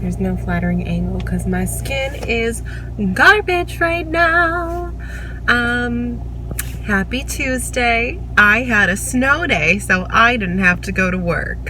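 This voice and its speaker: A woman's voice: mid-range voice, measured pace, pushed and bright, poor audio. A young woman chatting casually and gushing about her books in a vlog, recorded in a car. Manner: chatty, gushing, self-mocking. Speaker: book vlogger. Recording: car noise behind. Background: car road noise.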